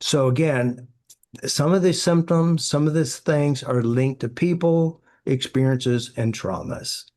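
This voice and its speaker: A man's voice: medium pitch, slow pace, darkish tone. Man telling client stories, chatty. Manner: anecdotal, acts out quoted dialogue, many "you know" fillers. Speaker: therapy practitioner. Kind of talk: storytelling interview answers.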